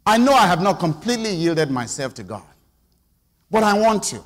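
A middle-aged man with a high, fairly bright voice preaches a conversational sermon at a moderate pace, very animated and often drawing responses from the congregation. Long church reverb fills the sanctuary recording.

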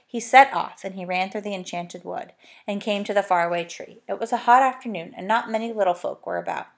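A woman reading a children's storybook aloud, gentle and chatty, with little asides to the listener. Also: medium pitch, big pitch swings, a little fast. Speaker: narrator.

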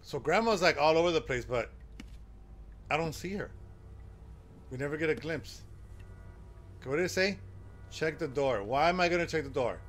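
A man giving live commentary while playing a horror game, excitable and exclaiming and swearing at the scares. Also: a little high, normal speed, pauses often, a little hiss or hum. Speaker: game streamer.

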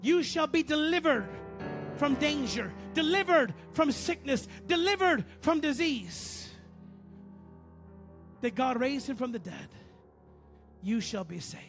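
A man preaching a sermon as pastor, repeating phrases and swinging between loud bursts and low murmurs. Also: very animated, slow pace, long pauses, faint music behind.

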